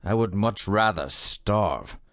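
A man's voice: on the low side, animated, slow pace, a bit bright, dry recording. Man voicing a defiant imprisoned old lord, commanding, dry close sound. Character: proud imprisoned older nobleman, defiant.

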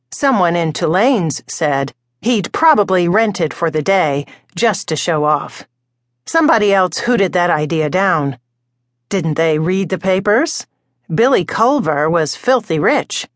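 Woman audiobook narrator, measured storytelling, slightly low voice, dry close recording. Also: dry recording. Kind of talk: scripted narration.

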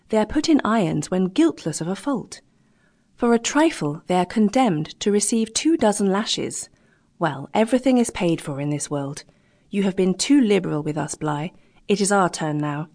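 A woman reading an audiobook, voicing a defiant male mutineer leader who speaks roughly and accusingly. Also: medium pitch, darkish tone.

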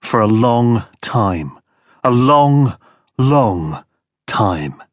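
A man voicing a muffled masked captor who speaks slowly and taunts with controlled anger. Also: medium pitch, big pitch swings, no echo, studio quality, heavily acted. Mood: cold anger. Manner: slow, measured and taunting.

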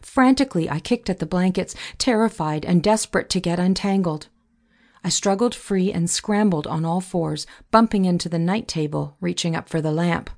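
Woman reading a teen novel, lowish voice w/ lots of fry, steady storytelling. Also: moderate pace. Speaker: audiobook narrator. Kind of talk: scripted first-person narration.

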